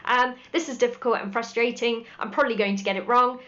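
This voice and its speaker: A woman's voice: a little high, steady tone, fast, fairly bright tone. A woman, working as a horse dealer, giving direct, practical advice with dry humour. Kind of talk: scripted advice talk to camera. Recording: dull lo-fi audio.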